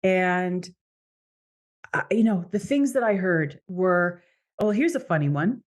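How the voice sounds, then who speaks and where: A woman's voice: on the low side, lively intonation, takes it slowly. A middle-aged Canadian woman hosting a podcast, telling a personal story in a conversational way and quoting other people. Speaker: podcast host, coach. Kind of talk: podcast monologue.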